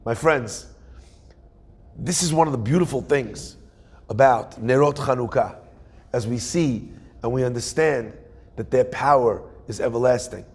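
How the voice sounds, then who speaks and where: A man's voice: mid-range voice, a little slow, long pauses, slightly rough. A man, a rabbi, telling a story in a sermon and acting out the voices of the people in it. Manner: animated storyteller, acts out quoted voices. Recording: long hall reverb.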